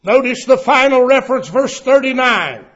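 A male pastor preaching a sermon, emphatic and drawn out, with the Bible quotes shouted. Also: very high-pitched, expressive, normal speed, lo-fi sound.

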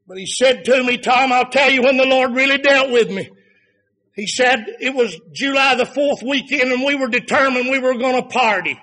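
A man preaching a sermon, rising to fervent shouts and then dropping to quiet, low passages. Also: normal speed.

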